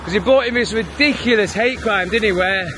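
A man's voice: sits high, brisk, background noise. An English man ranting heatedly and swearing a lot in his own opinion vlog. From England. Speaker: vlogger. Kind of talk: profane opinion rant.

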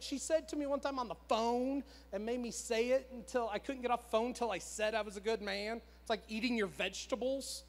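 High-voiced preacher man in a reverberant church. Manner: conversational, repetitive, self-deprecating. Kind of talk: storytelling sermon. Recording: long church hall reverb.

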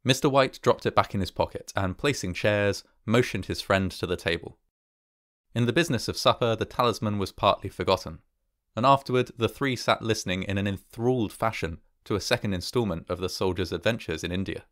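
A man reads a classic horror story aloud in a measured, steady way. His voice sits low. The recording is dry and close. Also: dry recording. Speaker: narrator.

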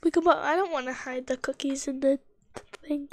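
A woman's voice: sits high, steady tone, brisk, a little mellow, slight background noise. A woman streamer giving casual gameplay commentary, thinking aloud in a mutter that sometimes drops to a whisper.

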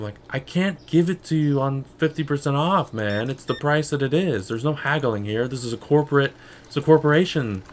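A man's voice: medium pitch, fairly quick, slight background noise. Rambling young man streaming a game. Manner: rambling, sarcastic, says "bro" and "like" a lot. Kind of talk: casual gameplay commentary.

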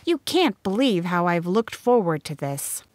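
A woman's voice: on the low side, measured pace, no room sound. A woman voicing an earnest, spirited eighteen-year-old schoolteacher in an audiobook. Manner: lively, bright-toned dialogue reading.

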